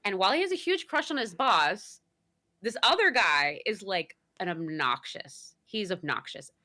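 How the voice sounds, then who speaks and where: A woman chatting casually on a podcast as guest host, animated and giggly, full of fillers. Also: mid-range voice, normal speed. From Italian heritage.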